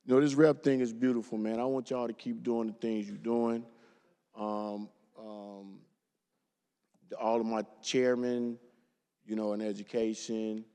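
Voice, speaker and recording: A man's voice: medium pitch, mellow, clean tone. Man giving a farewell speech in an echoing chamber. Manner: casual heartfelt, addresses colleagues by name. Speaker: retiring state representative. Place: legislative chamber. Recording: long reverb of a large legislative chamber.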